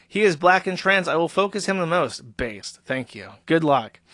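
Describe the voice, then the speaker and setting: A man with a somewhat high voice reads donation messages on a stream in a flat, offhand way. His asides often trail off into quiet mumbles. The sound is dry and close, with no room echo. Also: moderate pace. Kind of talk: casual reading of paid messages with crude remarks.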